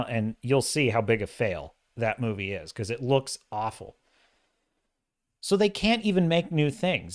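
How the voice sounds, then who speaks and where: A man hosting a livestream, giving opinionated, animated commentary and acting out quoted dialogue. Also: medium pitch, no room sound, clean studio sound. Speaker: livestream host.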